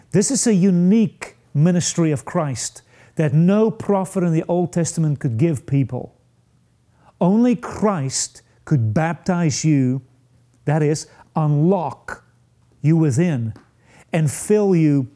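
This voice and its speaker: A male preacher delivers a sermon at an unhurried pace, his voice sitting a little high for a man. The tone is warm and mellow. He builds to emphatic peaks and then lets weighty pauses hang.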